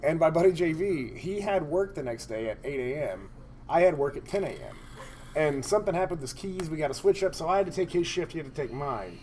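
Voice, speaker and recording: A man on a podcast telling a crude story in a rambling, animated way, laughing often. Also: a little high, fairly quick, slight background noise. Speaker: podcast co-host.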